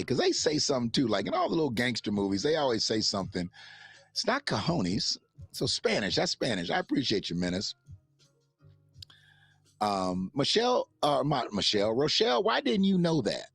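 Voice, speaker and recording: Husky, profane man on a livestream. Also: mid-range voice, huge pitch swings, normal speed, a bit bright, no room sound, soft background music. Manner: profane, rambling, laughs often, reads chat aloud. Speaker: livestream host. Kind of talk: casual livestream commentary.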